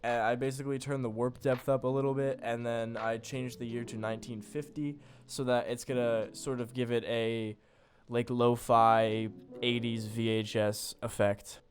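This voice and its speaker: A man's voice: mid-range voice, flat delivery, moderate pace. A young man casually talking through how he built a beat, loose and full of fillers, poking fun at himself. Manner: loose, filler-heavy, self-deprecating. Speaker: beat producer. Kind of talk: casual tutorial narration.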